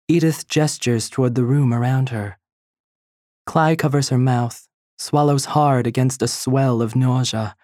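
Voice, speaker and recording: A narrator reading literary fiction in a slow, measured storytelling voice. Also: mid-range voice, darkish tone, no room sound, clean studio sound. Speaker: audiobook narrator.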